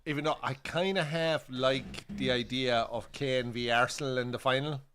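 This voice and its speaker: A man's voice: medium pitch, fairly even intonation, normal speed, fairly bright tone. A man with an Irish accent co-hosting a live football watch-along from a bar, in casual chat full of swearing and acted-out joke voices. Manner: swears freely, tells jokes with voiced characters. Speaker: co-host. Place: bar during a live match.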